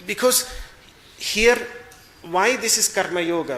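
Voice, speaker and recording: A man giving a spiritual discourse as a Vedanta teacher, slow and measured, pausing to search for words as he explains. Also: high-pitched, bright, forceful tone, reverberant.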